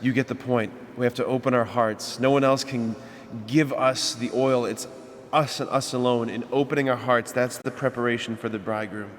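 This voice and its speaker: A man's voice: mid-range voice, steady tone, moderate pace, big-room sound, slight background noise. A man, a priest, preaching a homily in a conversational way, asking the congregation rhetorical questions. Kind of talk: sermon. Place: church.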